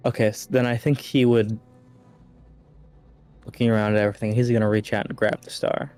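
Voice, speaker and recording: Low, flat man thinking aloud. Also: a little fast. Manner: hesitant, full of fillers while deciding. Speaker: player. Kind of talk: tabletop game play. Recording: faint background music.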